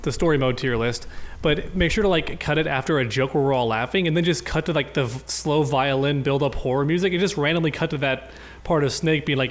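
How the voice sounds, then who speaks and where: A man's voice: on the high side, fairly quick. A man co-hosting a casual podcast, rambling through playful ideas with fillers like um and like. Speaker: podcast co-host.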